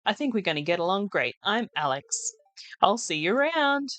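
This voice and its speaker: A woman's voice: mid-range voice, sing-song, moderate pace, a bit bright, dry recording. A woman reading as a cocky young jock. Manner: breezy, overconfident.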